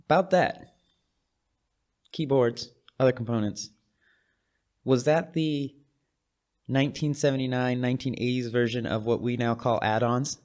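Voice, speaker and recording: A man's voice: mid-range voice, steady tone, unhurried, pauses often, darkish tone. A young adult man co-hosting a podcast, eager and chatty, correcting himself as he goes. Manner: eager, self-correcting, reads facts aloud. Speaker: podcast co-host. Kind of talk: casual chat.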